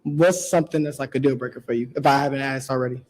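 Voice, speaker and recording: A man's voice: medium pitch, fairly even intonation, fast, darkish tone, poor audio. A man contestant on a dating show, easygoing and supportive in conversation.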